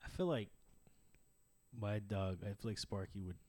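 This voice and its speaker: A man's voice: lowish voice, slow pace, warm tone. A man co-hosting a casual podcast who talks loosely and swears freely. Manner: casual, swears often, laughs between phrases. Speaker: podcast co-host. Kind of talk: casual chat.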